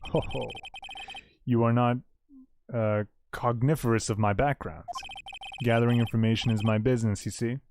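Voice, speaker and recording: A man's voice: mid-range voice, steady tone, moderate pace, noisy background, close to an everyday voice. A man voicing a smug, scheming middle-aged male villain with an oily, gloating delivery, as he reads game dialogue aloud. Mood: gloating menace.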